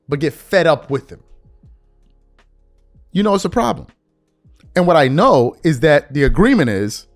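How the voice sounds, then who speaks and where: A man hosting a sports podcast, giving an opinionated rant full of repeated rhetorical questions. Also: a little high.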